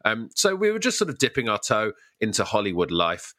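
A man's voice: fairly low pitch, wildly swooping pitch, fairly quick, fairly bright tone, no echo, studio quality. A man hosting a podcast, linking segments in a wry, teasing way. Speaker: podcast host. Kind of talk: casual chat and show links.

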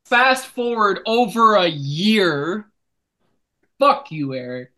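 Brash, swearing man with a bright voice. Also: sits high, sing-song, slow, rough recording. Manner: loud, joking, swears a lot. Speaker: podcast host. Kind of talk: casual chat. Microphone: laptop mic.

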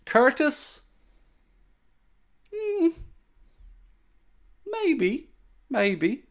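Reading comments from a live chat, this young man hosts his podcast in a casual, opinionated way, full of fillers and asides. He speaks extremely slowly at an extremely high pitch with big pitch swings.

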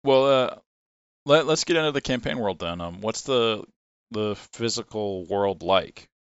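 Deep-voiced guy hosting a podcast, laid back, asks follow-ups, muffled lo-fi sound. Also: measured pace, smooth, no echo. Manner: relaxed, asks follow-up questions. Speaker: podcast host. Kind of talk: casual podcast interview.

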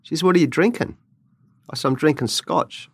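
A middle-aged man with an Australian accent, a guest in a studio chat, telling lively stories and laughing often. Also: fairly high pitch, a little fast, gravelly, slightly rough, no echo. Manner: animated storyteller, laughs often. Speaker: guest, former cricket coach. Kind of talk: podcast interview chat.

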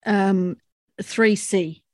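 A woman's voice: mid-range voice, drawn-out words, no echo. Woman co-host, dry close sound. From Australia. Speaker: podcast co-host. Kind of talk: casual chat and trivia quizzing.

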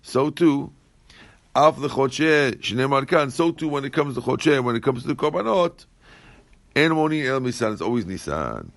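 Teaching Talmud, this man reads lines in Aramaic and unpacks them in plain English, repeating phrases frequently along the way. His mid-range voice has lively intonation and vocal fry, at normal speed, with no echo.

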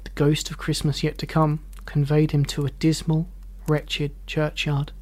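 Audiobook narrator, classic novel, measured, expressive, dramatic pauses. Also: mid-range voice.

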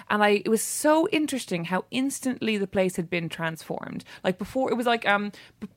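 Laughing Irish woman telling a story. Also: medium pitch. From Ireland. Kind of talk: casual chat.

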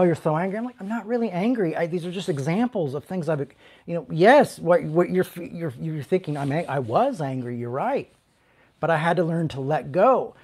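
Candid pastor, soft-spoken, searching. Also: male voice, on the high side. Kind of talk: candid personal talk.

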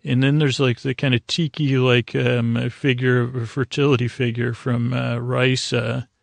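A male podcast host talks through an episode in a loose, rambling way, full of ums and restarts and tossing in playful jokes. His voice has a gravelly edge and stays fairly level in pitch. The sound is close and dry, with no room echo. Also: little pitch movement, measured pace. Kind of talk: casual episode recap.

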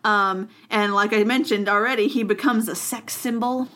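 A woman's voice: medium pitch, steady tone, normal speed, fairly bright tone. A woman co-hosting a casual history podcast, telling the story in a chatty way with many fillers. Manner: chatty, many fillers, playful voices for quotes. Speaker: podcast co-host.

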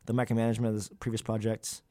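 A man's voice: on the low side, completely flat delivery, racing, dark tone, no echo. A young man, a graduate student, talking candidly in an interview, with many fillers and loose, rambling sentences. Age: young adult.

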